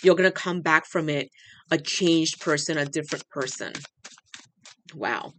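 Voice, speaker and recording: Tarot reader, channeled reading, earnest, repetitive, emotional, mid-pitched voice. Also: bright, forceful tone, slight background noise. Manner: earnest and repetitive, often pausing in awe; emotional, says they are overwhelmed.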